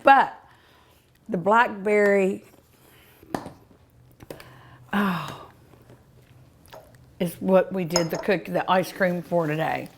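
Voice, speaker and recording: A woman hosting a home cooking show, tasting dessert with drawn-out mms and ohs in a folksy, chatty way, outdoors at her home. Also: on the low side, a little hiss or hum.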